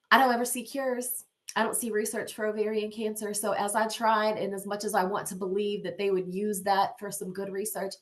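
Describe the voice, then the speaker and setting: A woman giving a personal testimony to a group, often laughing as she talks. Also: medium pitch. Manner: laughs through her words, excited. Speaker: group member sharing testimony.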